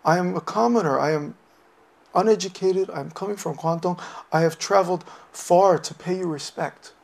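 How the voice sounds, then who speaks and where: Man playing a humble young woodcutter, earnest, respectful, slightly high voice, some gravel. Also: normal speed.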